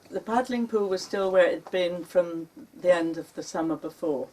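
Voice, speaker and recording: Slow-reading woman author, distant mic. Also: fairly low pitch, a little mellow, a little hiss or hum. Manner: unhurried, dramatic when quoting her panicked self. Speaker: author reading her memoir. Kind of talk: live reading of memoir prose. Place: bookshop launch event. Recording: recorded from a distance.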